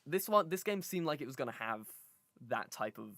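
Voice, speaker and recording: A man's voice: a little high, big pitch swings, brisk, bright, forceful tone. A young man co-hosting a live-streamed podcast, chatting casually and rambling, with lots of fillers and restarts.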